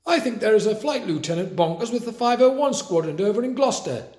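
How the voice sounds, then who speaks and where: A man voicing a blustery old male wartime pilot in a brisk, commanding way. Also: high voice, lively intonation, darkish tone, voice pushed up. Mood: indignant. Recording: roomy echo.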